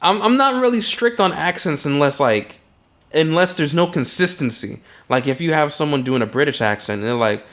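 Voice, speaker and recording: A man co-hosting a casual film review podcast, talking in an easygoing, halting way with frequent pauses. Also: mid-range voice, a bit bright. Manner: easygoing, halting, many ums and restarts. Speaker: podcast co-host.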